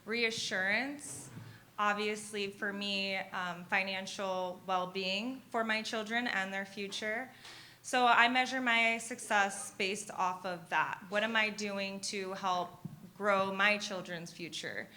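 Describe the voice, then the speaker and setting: A woman's voice: mid-range voice, fairly even intonation, takes it slowly, sharp tone, slight background noise. A woman speaking on a live panel as a mother, earnest and emphatic, circling back to her main point. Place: live event at a university.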